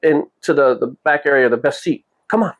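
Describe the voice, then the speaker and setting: Brief: man quoting polite young pop star, higher pitch, fast and insistent. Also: natural voice. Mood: kind. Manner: quick, raised-pitch retelling.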